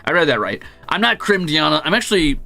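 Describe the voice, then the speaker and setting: A young man talks through a gaming stream, his voice gravelly and bright-edged. He tells stories in an animated, jokey way, swearing freely and swinging his pitch all over. Faint music plays under him. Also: quick pace. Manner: animated storyteller, jumps into high squeaky voices when quoting. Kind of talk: casual chat while gaming.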